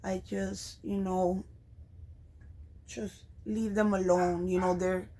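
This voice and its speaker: Woman vlogging, talks real slow, lots of ums, soft and heartfelt, mid pitch. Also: flat delivery, a little hiss or hum, rough recording. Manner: slow, hesitant, with frequent ums and restarts. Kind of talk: personal vlog talking to camera.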